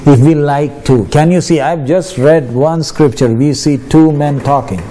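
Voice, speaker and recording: A male preacher with a fairly high, mellow voice speaks a little slowly against slight background noise. In his sermon he reads scripture aloud and questions his listeners with emphasis.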